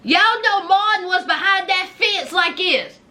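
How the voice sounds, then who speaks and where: A woman giving sassy, animated casual commentary on a reality show, with folksy asides. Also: very high-pitched, measured pace.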